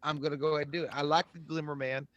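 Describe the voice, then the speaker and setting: A man's voice: a little high, little pitch movement, racing, a bit bright, no echo. A man co-hosting a casual movie podcast, joking crudely and slipping into silly voices. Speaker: co-host.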